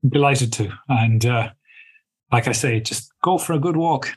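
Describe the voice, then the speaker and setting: A man as a podcast guest, talking in an easy, unhurried way. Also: medium pitch, husky. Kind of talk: podcast interview.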